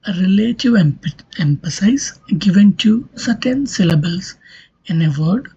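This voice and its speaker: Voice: medium pitch, mellow, husky, lo-fi sound. A linguistics lecturer giving a recorded online lesson, explaining step by step and often checking in with "okay".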